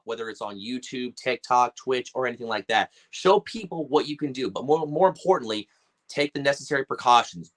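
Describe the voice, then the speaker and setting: Male guest, voice actor; bright tone, animated storyteller. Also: mid-range voice. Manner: animated, acts out quotes in voices. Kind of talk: casual storytelling chat.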